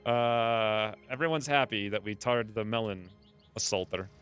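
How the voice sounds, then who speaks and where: A man's voice: lowish voice, fairly even intonation, measured pace, a bit bright, soft background music. A man casually commenting on his own strategy game playthrough, chatty and musing aloud. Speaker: gaming video creator. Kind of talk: let's play commentary.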